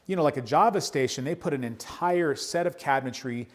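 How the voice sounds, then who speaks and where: A man's voice: fairly high pitch, a little fast. A man who works as a real estate broker, chatting enthusiastically as he walks through a house and points out its features. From United States. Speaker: real estate broker giving a home tour. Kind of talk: walkthrough home tour narration. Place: indoors in a large house, walking room to room.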